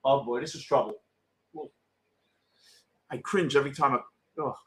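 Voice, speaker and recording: A middle-aged man hosts a postgame show, talking casually to viewers and reacting bluntly and excitably to a live game, swearing freely. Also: mid-range voice, moderate pace.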